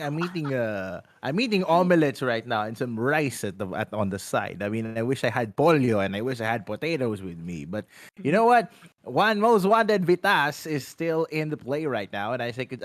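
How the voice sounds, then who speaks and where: A man casting an esports match, excitable and joking, throwing out rhetorical questions. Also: medium pitch, normal speed, no room sound, studio quality. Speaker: shoutcaster. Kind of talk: esports play-by-play commentary.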